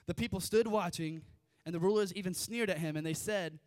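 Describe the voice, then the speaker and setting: A man's voice: high voice, brisk, a little mellow, no room sound, clean studio sound. A young man preaching a casual sermon, reading scripture with chatty, informal asides. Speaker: youth preacher.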